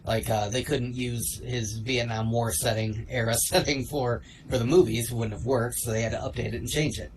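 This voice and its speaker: Male co-host, mid pitch, thoughtful and hesitant, faint background hum. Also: fairly even intonation, moderate pace, few pauses, rough recording. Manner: thoughtful, hesitant with many fillers, laughs easily. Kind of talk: livestream chat.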